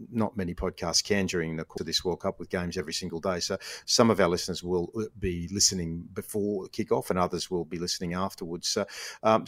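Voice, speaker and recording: A man's voice: sits low, a bit bright. A man hosting a football podcast, chatty and full of fillers. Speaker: podcast host. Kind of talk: casual chat with an ad read.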